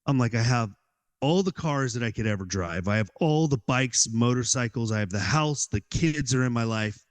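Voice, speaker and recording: A man as a podcast guest, telling a personal story in an animated way and acting out his own inner dialogue, with many "like"s. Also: mid-range voice, normal speed.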